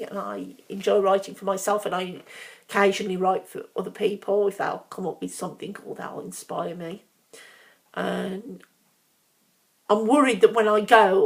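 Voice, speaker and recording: A woman's voice: mid-range voice, gravelly, darkish tone. A middle-aged woman with a Brummie accent, talking frankly in a casual, rambling monologue full of asides. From Birmingham, England. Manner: chatty, frank, with frequent ums and asides. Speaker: vlogger.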